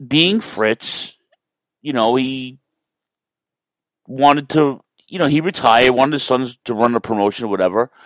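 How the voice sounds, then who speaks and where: A man's voice: mid-range voice, no echo, rough recording. A man talking through wrestling history in a casual, rambling monologue, often correcting himself and swearing now and then. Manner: rambling, self-correcting, profane.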